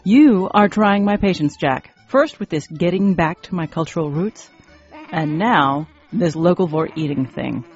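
A sharp-tongued wife, scolding and exasperated, as a woman reads her for a storybook. Dull lo-fi sound with faint music in the background. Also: lowish voice, lively intonation, measured pace.

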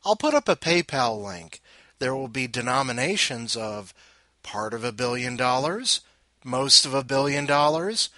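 A man hosting a podcast, tired and sarcastic, swinging from loud outbursts to muttering. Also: medium pitch, expressive, measured pace, dry recording. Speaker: podcast host. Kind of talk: casual rant.

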